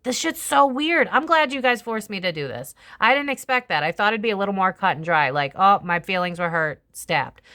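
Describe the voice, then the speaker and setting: A woman's voice: mid-range voice, very animated, fairly quick, hardly any pauses, sharp tone. A young woman chatting casually through a tarot reading, swearing freely and slipping into other people's voices. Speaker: tarot reader and channel host. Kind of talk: casual psychic tarot commentary.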